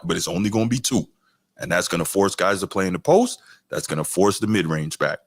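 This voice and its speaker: A low-voiced man hosting a podcast and reacting to clips in real time. He talks casually but gets exasperated, and his voice jumps high when he rants. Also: brisk, dry recording. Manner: animated and exasperated, voice rising sharply when ranting. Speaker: podcast host. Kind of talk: reacting to a clip, casual commentary.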